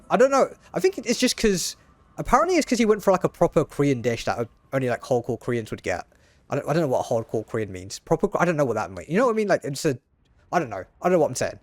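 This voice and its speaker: A man's voice: fairly high pitch, no echo. A man, rambling casually on stream, often cutting himself off and restarting. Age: late 20s. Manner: rambling, quick, self-interrupting with restarts.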